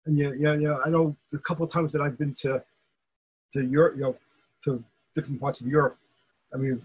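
An older man with a Brooklyn accent interviewing a guest, speaking haltingly and repeating words. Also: fairly high pitch, little pitch movement, a little mellow, husky, rough recording. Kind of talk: conversational interview.

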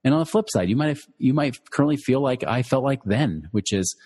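A man's voice: medium pitch, expressive, brisk, darkish tone, breathy edge, long reverb tail. A middle-aged man who teaches personal finance, telling listeners a personal story in a loose conversational way, full of fillers and restarts. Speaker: financial educator.

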